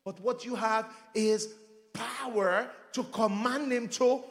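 High-voiced preacher in an echoey hall. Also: male voice, steady tone, slow. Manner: rousing, breaks into shouts, asks the congregation to answer. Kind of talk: sermon.

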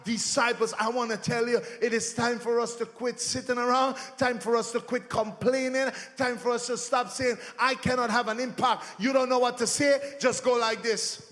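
High-voiced preacher in an echoey hall. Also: male voice, flat delivery, moderate pace, few pauses. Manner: rousing, breaks into shouts, asks the congregation to answer. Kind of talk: sermon.

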